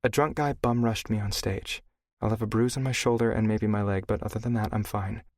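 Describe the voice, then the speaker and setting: A hurt but tough young woman, played by a male narrator who answers in short, blunt lines. Her voice sits higher than his usual register but keeps a gravelly grain, and it is recorded dry and close for an audiobook. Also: steady tone, a little fast, a little mellow, no echo, close to an everyday voice. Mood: guarded. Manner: blunt, clipped, swears when angry.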